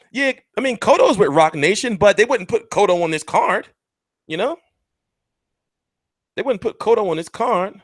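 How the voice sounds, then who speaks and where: A man's voice: high voice, animated, normal speed, pauses often, dry recording, studio quality. A man hosting a casual boxing livestream, rambling and joking crudely as he chats. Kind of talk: casual live-stream chat.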